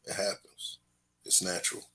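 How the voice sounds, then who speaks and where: A man's voice: normal speed, bright, forceful tone. A man hosting a casual talk show, telling stories with slang in a laid-back, preachy way. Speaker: host.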